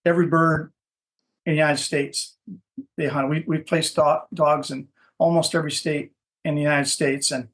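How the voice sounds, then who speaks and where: A man's voice: on the high side, level tone, moderate pace, a bit bright. A man from Minnesota, a dog breeder, telling stories in a casual interview, rambling and repeating words as he searches for what to say.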